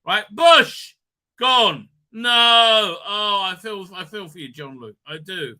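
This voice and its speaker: A man's voice: high-pitched, expressive, normal speed, bright, forceful tone. A man hosting a casual live recap stream, rambling with lots of fillers and cheerful swearing.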